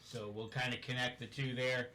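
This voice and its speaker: A man hosting a casual show, wrapping up with upbeat shout-outs. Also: mid-range voice, little pitch movement, moderate pace, a little hiss or hum. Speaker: host.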